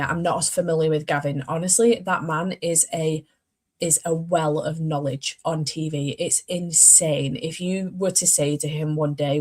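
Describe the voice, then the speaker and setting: Young woman, casual book vlogger, chatty and rambling, self-correcting, slightly low pitch. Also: darkish tone. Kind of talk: casual chat.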